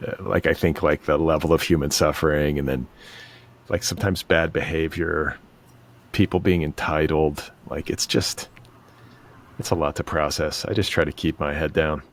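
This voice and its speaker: A man's voice: very deep voice, fairly even intonation, normal speed. A middle-aged man hosting a podcast, chatting casually in a laid-back, joking, self-deprecating way. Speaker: podcast host. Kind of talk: casual chat.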